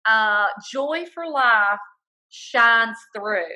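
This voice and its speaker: Effusive woman host, bright voice. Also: a little high, animated, very slow, poor audio. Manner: effusive, earnest, stretches key words. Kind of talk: hosting a video call interview. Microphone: video call.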